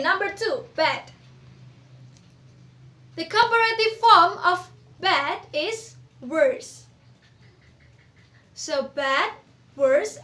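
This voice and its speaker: High-pitched young woman teaching a class. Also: bright, forceful tone, roomy sound. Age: young adult. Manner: teacherly, asks the class questions and repeats words slowly. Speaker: English teacher. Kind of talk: classroom grammar lesson.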